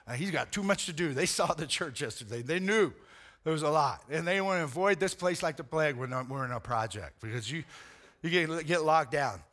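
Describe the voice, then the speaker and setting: Man, preacher, sermon, high voice, casual slangy storytelling. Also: animated, brisk, a bit bright. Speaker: pastor.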